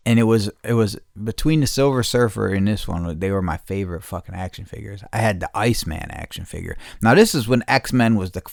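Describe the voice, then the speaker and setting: A man's voice: fairly low pitch, vocal fry, dry recording, clean studio sound. A podcast host in casual, rambling storytelling, swearing a lot and repeating himself as he talks. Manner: profane, restless, repeats himself.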